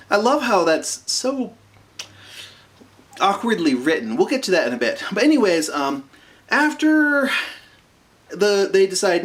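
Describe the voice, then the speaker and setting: A man casually recapping a cartoon episode, rambling with asides and fillers and slipping into quick impressions of the characters. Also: sits high, big pitch swings, fairly bright tone. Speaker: episode reviewer.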